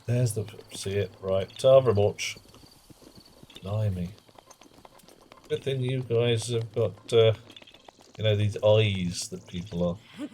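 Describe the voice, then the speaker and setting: A man's voice: fairly low pitch, mellow, a little hiss or hum. A man giving casual, wry commentary while streaming a game, muttering self-mocking asides. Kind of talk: casual live gameplay commentary.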